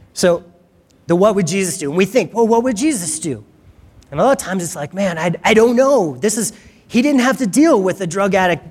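A man's voice: high-pitched, big-room sound. A man preaching a conversational sermon as pastor, asking the congregation questions.

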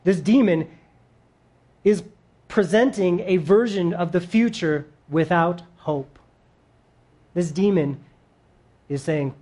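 A man's voice: high voice, slow, pauses often, a little mellow. A male pastor preaching a sermon in a casual, emphatic way, breaking down a Bible passage.

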